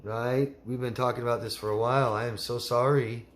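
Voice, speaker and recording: A man's voice: medium pitch, steady tone, fairly quick, reverberant. Blunt, emphatic male life coach. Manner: blunt, emphatic, repeats the listener's name. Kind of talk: live Q&A advice.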